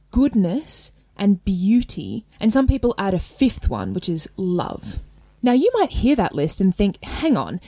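A woman's voice: medium pitch, mellow, no echo. Woman, Australian accent, chatty host, casual teaching talk, light laughs, dry close sound. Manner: chatty, frequent rhetorical "right?" and "okay?".

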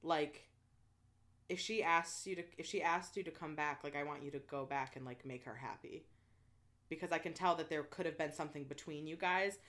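A woman voicing a wounded young man saying a soft, earnest farewell in a retold story. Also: sits low, moderate pace, voice pushed down. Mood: tender.

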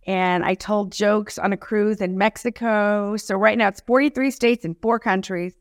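A woman comedian telling her story as an interview guest, animated and self-deprecating, acting out the lines of people she quotes. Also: medium pitch, moderate pace, dry recording, studio quality.

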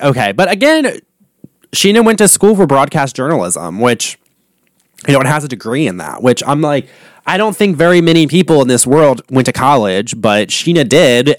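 A man's voice: medium pitch, very animated, moderate pace, no echo, studio quality. A man hosting a solo podcast, chatting casually and gossiping animatedly about reality television, swearing freely. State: voice going hoarse. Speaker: podcast host. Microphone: studio podcast mic.

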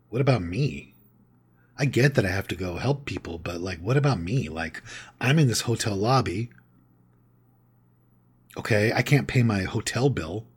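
A man voicing a frantic modern man who rambles and swears while venting to his sponsor, with a husky low voice. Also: heavily acted. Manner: whiny, profane, rambling.

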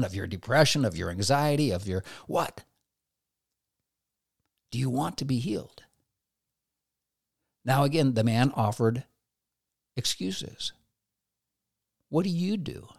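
A man preaching a devotional sermon who puts direct questions to the listener and swings between loud emphasis and soft, low asides. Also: gravelly, no room sound, studio quality.

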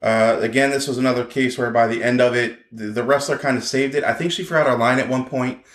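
Man, podcast co-host, casual chat, animated, mid pitch, echoey room. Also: fast talker. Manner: animated, acts out quotes in high voices.

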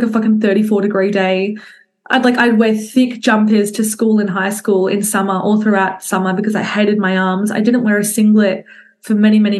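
A young woman, a fitness coach talking candidly to her group on a video call, swearing casually and speaking straight to her listeners. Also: medium pitch.

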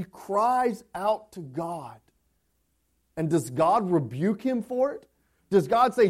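A male pastor preaching a sermon, swinging between hushed, tender passages and impassioned climbs. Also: high voice, sing-song, slow.

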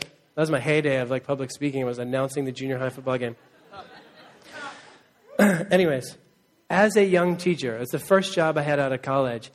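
Man, pastor, conversational sermon, earnest, slightly high voice. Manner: conversational, earnest, asks the crowd for replies.

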